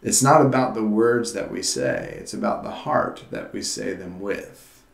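A man's voice: on the low side, a little slow, vocal fry. A man preaching a sermon as pastor, in an earnest, conversational way with frequent restarts. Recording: roomy echo.

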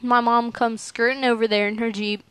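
A woman's voice: on the high side, little pitch movement, normal speed, fairly bright tone, smooth, dry recording. Young woman, teens, casual storytelling, slangy, laughing often, dry sound.

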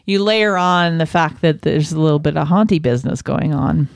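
A woman co-hosting a casual movie review chat, relaxed and conversational with frequent fillers. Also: deep voice, moderate pace, gravelly, no room sound, studio quality.

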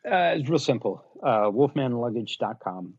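A man who owns a gear company, talking in a casual podcast interview, blunt and animated as he tells stories about customers. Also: mid-range voice, moderate pace, slightly rough, no echo, dull audio. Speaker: guest, luggage company owner.

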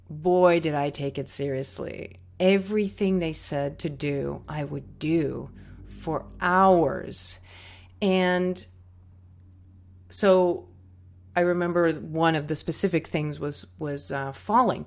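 A woman's voice: low voice, a little mellow. A woman who teaches tango, telling a candid personal story in a reflective way, with fillers and restarts.

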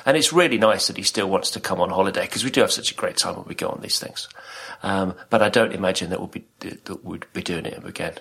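A man's voice: deep voice, quick pace, creaky, few pauses, fairly bright tone, slightly rough. A middle-aged man from Britain, co-hosting a podcast and telling stories in casual chat, laughing often. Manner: chatty storyteller, laughs often. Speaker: podcast co-host.

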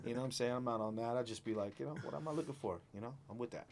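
A man chatting casually as a podcast guest, relaxed and full of slang. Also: mid-range voice, rapid-fire, slight background noise. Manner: relaxed slang-heavy talk, "you know what I'm saying". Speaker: guest, cartridge company owner. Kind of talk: casual chat.

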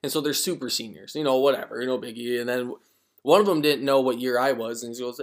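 A man's voice: medium pitch, quick pace. Rambling twenty-something man telling a story. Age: 20s. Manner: rambling, repeats words, quotes friends in voices. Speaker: podcast host. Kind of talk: casual solo storytelling.

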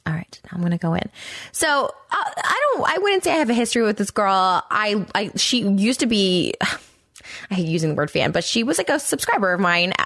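A woman hosting her own podcast, talking in a blunt, profane, rambling way full of fillers, her pitch jumping up when she gets worked up. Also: big pitch swings, normal speed, a bit bright, dry recording, clean studio sound. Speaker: podcast host. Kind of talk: casual commentary monologue.

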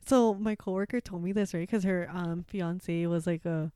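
A young woman talks on a podcast in loose, rambling chat, piling on filler words and curses as she tells a story. Her tone is mellow and warm, and the sound is dry and close to the mic. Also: fairly low pitch, steady tone, moderate pace, clear, resonant tone, no room sound. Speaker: podcast co-host. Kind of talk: casual chat.

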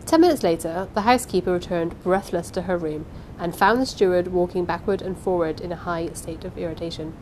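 Woman reading an old novel then chatting about it, lively, bit of low rumble behind. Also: fairly quick, hardly any pauses, low-quality recording. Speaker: reader. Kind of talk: reading a novel aloud, then casual commentary.

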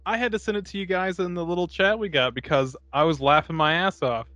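Profane, animated man recapping a movie. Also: sits high, fast talker, no echo, highs cut off. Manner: animated, profane, acts out quotes from the film. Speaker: podcast co-host. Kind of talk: casual movie-review chat.

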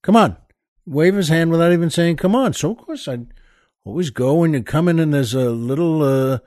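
A man's voice: a little high, fairly quick, a little mellow, dry recording, studio quality. A man from the New York area hosting a show, telling jokes and stories in a rambling, chatty way with lots of asides. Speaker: podcast host. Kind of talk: comic storytelling monologue.

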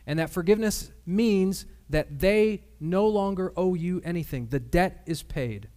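A man preaching a sermon with personal testimony, earnest and measured, with pauses and fillers. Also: high voice, mellow. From Michigan.

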